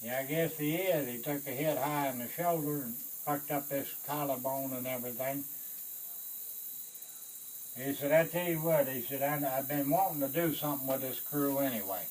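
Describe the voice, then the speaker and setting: A man, a Vietnam veteran, telling a war story in an animated way, swearing and acting out the voices of others. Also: mid-range voice, normal speed, a little hiss or hum, rough recording. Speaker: Vietnam veteran recounting service.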